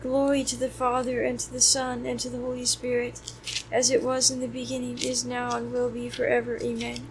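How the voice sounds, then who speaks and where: A woman leading prayer, reciting psalms and canticles in a steady, even recitation. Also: a little high, a little fast, noisy background. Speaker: prayer leader. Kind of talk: reciting liturgy of the hours.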